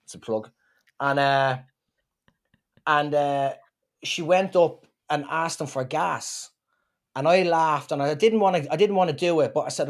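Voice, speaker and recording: An Irish man chats as a guest comedian, his voice sitting a little higher than most men's. He jokes his way through stories with lively, quick asides. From Ireland. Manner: lively, joking storyteller. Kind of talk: casual chat.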